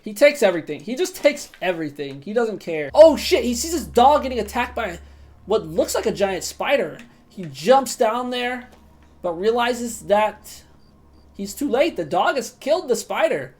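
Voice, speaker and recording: A woman's voice: on the high side, sing-song, moderate pace, a little mellow. A woman streamer giving casual, profane commentary while roleplaying a video game. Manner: chatty, swears freely.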